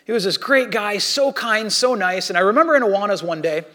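A man's voice: high-pitched, lively intonation, fairly quick, sharp tone. A pastor preaching a sermon, telling a story from his childhood and acting out the scenes, sometimes stumbling and repeating words.

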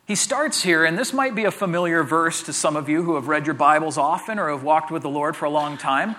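A man's voice: a little high, fairly quick, sharp tone. A man preaching a conversational sermon as pastor, chatty, often repeating words and adding jokey asides.

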